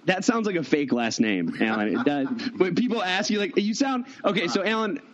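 Guy hosting a podcast, bit high voice, rambly and jokey, kinda dull lo-fi sound. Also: animated, brisk, over a noisy crowd. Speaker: podcast host. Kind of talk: casual chat.

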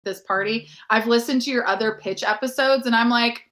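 Lady w/ a gravelly winter voice, kinda high, bright tone, giggly and anxious. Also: a little fast, few pauses. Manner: nervous, laughing often. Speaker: podcast guest. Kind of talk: casual chat and reading a written story aloud.

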